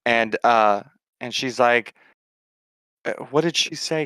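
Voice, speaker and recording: A man co-hosting a casual podcast, meandering and halting, often breaking into laughter. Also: medium pitch, a bit bright, smooth, dry recording. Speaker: podcast co-host.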